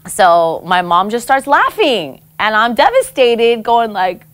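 A woman from American Samoa, a guest in an interview, telling personal stories in a frank, expressive way and laughing often. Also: fairly high pitch, a little slow. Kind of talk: candid conversational storytelling.

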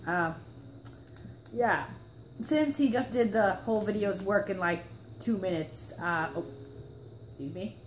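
A woman's voice: mid-range voice, a little slow, long pauses, a little hiss or hum. A young woman hosting casual gameplay commentary, chatty and rambling with lots of fillers, her throat a little sore. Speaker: gaming channel host. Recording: roomy echo with background music.

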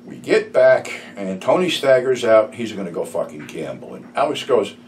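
A man's voice: fairly low pitch, big pitch swings, normal speed, a little mellow. Profane, rambling storyteller man. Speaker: YouTube storyteller. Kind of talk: casual anecdote telling. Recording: slightly distant mic, faint room noise.

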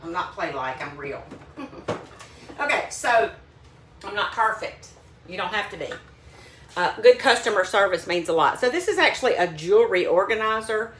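A woman's voice: mid-range voice, expressive, moderate pace, a bit bright. A woman selling beauty products, talking casually and upbeat to her phone camera at home. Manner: chatty, upbeat, says "like" often. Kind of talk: casual vlog.

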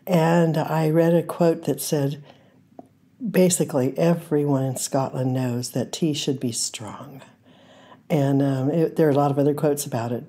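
A middle-aged or older woman talks through a casual podcast monologue in a fairly low, mellow voice with a husky, breathy edge. She is chatty and sentimental, often pausing on fillers and restarting her sentences. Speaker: podcast host.

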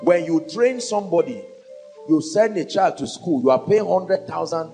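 A man's voice: fairly high pitch, lively intonation, normal speed, over music. A man with a Nigerian accent preaching a sermon from a pulpit, emphatic and full of rhetorical questions. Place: at a pulpit before a congregation.

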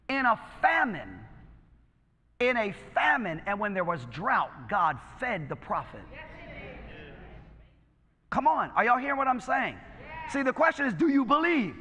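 High-voiced bright preacher man. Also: in a large hall. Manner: exhorting, calls out to the congregation. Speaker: pastor. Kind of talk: sermon. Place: church sanctuary.

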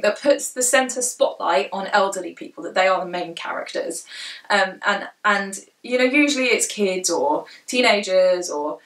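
A woman's voice: medium pitch, fairly bright tone. A young woman with a southern English accent, chatting casually to camera in a rambling way with many fillers. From southern England. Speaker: book vlogger and indie author. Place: indoor room at home, rain outside. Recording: echoey room, distant from mic.

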